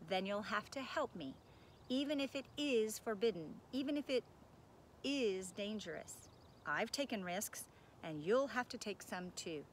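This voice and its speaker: A woman's voice: mid-range voice, lively intonation, slight background noise, close to an everyday voice. A woman reading aloud, voicing a brave, kind young girl in a storybook who talks earnestly and firmly. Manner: earnest, firm, quick to question.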